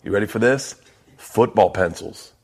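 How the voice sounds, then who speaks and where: A man with a lowish voice hosts a casual podcast chat. He is a comedian who tells stories in a loose, profane way and jokes as he goes. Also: normal speed, darkish tone, husky. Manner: profane, storytelling. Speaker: podcast host; stand-up comedian.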